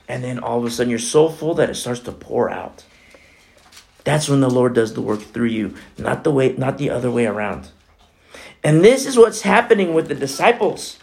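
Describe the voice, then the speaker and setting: Male pastor, lively sermon delivery, conversational, some vocal fry. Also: medium pitch. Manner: animated preaching, swinging from loud to hushed; conversational, with many fillers like "you know" and "like".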